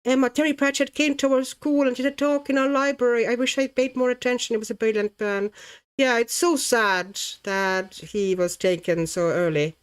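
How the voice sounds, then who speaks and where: She's a woman from Latvia chatting through a relaxed colouring stream, reading comments aloud and thinking out loud about her work. A fairly high pitch, moderate pace and clean tone mark her voice, and she's chatty and easily amused.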